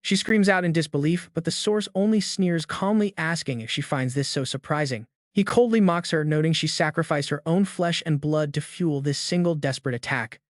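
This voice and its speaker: A man's voice: on the high side, normal speed, hardly any pauses, no echo. Man narrating a story recap, dry.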